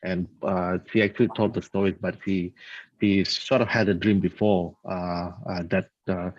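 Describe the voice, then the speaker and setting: Very low, husky-voiced man telling stories. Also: level tone, no room sound. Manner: conversational, halting, often checks in with "right?". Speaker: religious talk speaker. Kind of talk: casual religious storytelling talk. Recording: dull lo-fi dry recording.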